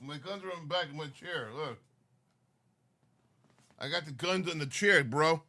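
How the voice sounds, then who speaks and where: A sleepy man hosts a livestream, teasing viewers in loose, casual chatter. His voice is fairly high and bright with a sharp edge. It sounds close and dry. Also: moderate pace, vocal fry, no echo. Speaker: livestream host.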